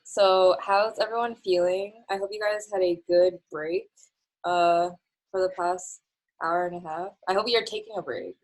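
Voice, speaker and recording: Young woman, lowish voice, casual coding instructor, filler-heavy, laughing, video call audio. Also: measured pace, low-quality recording. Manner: chatty, relaxed, many fillers and laughs. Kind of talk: casual online class over video call.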